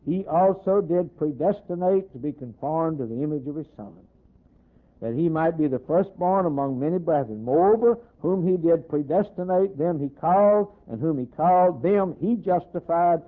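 A man preaching a sermon with a slightly high voice, working in waves that climb loud and then sink almost to a hush. He quotes scripture in old-fashioned wording. The sound is thin and narrow, like it came over a phone line. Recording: tinny phone-like recording.

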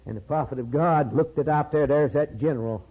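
A man preaching a sermon in a repetitive cadence, swinging between low murmurs and high, urgent cries. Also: a little fast, slightly rough. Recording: dull lo-fi sermon recording.

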